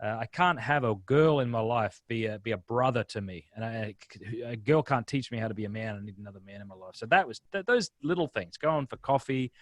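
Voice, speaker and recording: A man, a guest speaker on a video-call webinar, telling stories in a lively, casual way with quick restarts. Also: mid-range voice, dry recording. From Australia. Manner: lively storyteller, frequent restarts. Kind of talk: casual interview chat.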